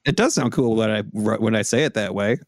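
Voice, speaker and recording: A man's voice: lowish voice, fairly quick, no echo, clean studio sound. A man hosting a comedy podcast, chatting wryly with laughing asides. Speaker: podcast host. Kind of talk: casual comedy podcast chat.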